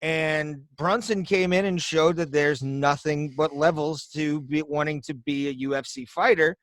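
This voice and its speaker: A man's voice: fairly high pitch, steady tone, unhurried, a bit bright, no room sound. A man co-hosting a podcast, chatting casually with playful jokes and hype. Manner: joking, playful hype with goofy asides. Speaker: podcast co-host. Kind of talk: casual chat.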